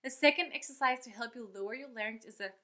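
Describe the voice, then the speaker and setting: Woman voice teacher, higher pitch, bright tone, chatty and upbeat. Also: fast. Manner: upbeat and chatty, breaks off to demonstrate sounds. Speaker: vocal coach. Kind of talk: online singing lesson.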